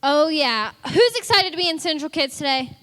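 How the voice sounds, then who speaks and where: A woman's voice: high-pitched, expressive, normal speed, pushed and bright, a little hiss or hum. A woman leading a kids' church lesson in an eager, encouraging way. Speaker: children's ministry leader. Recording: echoey hall.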